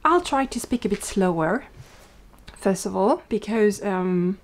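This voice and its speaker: A French woman with a French accent, hosting her own podcast in casual chat and talking quickly with many fillers. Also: mid-range voice, expressive. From France. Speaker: podcast host and indie yarn dyer.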